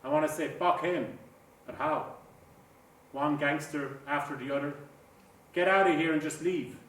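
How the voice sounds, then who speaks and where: A man's voice: a little high, steady tone, moderate pace, a bit bright, close to an everyday voice. An actor playing a troubled young man, muttering a brooding inner monologue about revenge. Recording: echoey room, far from mic, faint noise.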